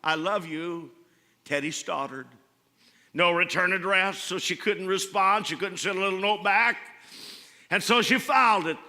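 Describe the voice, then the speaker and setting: A pastor preaching a sermon in a church, telling a story and then building to fervent appeals. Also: male voice, high-pitched, bright, forceful tone. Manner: storytelling, swelling to fervent calls. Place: church sanctuary. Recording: church hall reverb.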